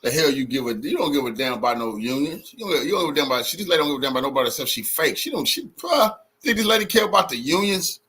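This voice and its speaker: A man's voice: fairly high pitch, expressive, racing, few pauses, pushed and bright, breathy edge. A man giving heated, profane reaction commentary, blunt and repetitive as he rants.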